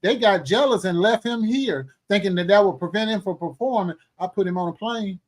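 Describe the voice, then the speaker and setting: A middle-aged man hosting a casual talk show, animated, exclaiming and joking as he talks. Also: sits high, fairly quick. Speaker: show host. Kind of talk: casual chat.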